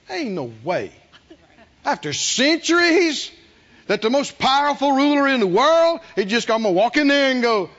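A man preaching a sermon, animated, acting out the people he quotes and asking the congregation questions. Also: very high voice. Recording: dull lo-fi sermon recording.

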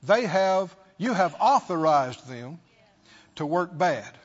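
A man's voice: a little high, very animated, takes it slowly. A male preacher giving an emphatic sermon and throwing rhetorical questions at his congregation, in a dull lo-fi recording.

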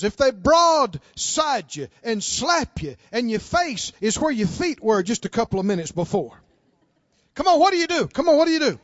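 A male preacher delivering a sermon, prodding the congregation with questions and swinging between shouts and hushed storytelling. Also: extremely high pitch, no room sound, lo-fi sound.

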